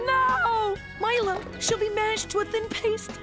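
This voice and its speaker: A woman's voice: very high-pitched, steady tone, measured pace. A woman voicing a spunky, dramatic middle-school girl who exclaims and wisecracks. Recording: cartoon soundtrack with music behind.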